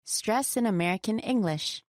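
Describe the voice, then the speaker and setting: A woman co-presenting a scripted pronunciation lesson, slowing down to stress example words with care. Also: mid-range voice, lively intonation, dry recording, clean studio sound. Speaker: pronunciation teacher.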